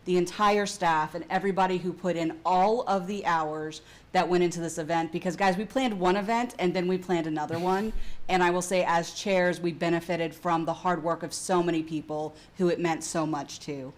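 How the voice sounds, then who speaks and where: A woman's voice: on the low side, fairly even intonation, moderate pace. A woman speaking as event co-chair, grateful and joking lightly.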